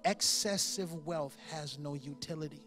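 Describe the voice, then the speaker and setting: A pastor in his forties delivering a sermon, telling a personal story with lively impressions of the people in it. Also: a little high, measured pace, soft background music. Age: 40s. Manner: storytelling with animated impressions and laughter.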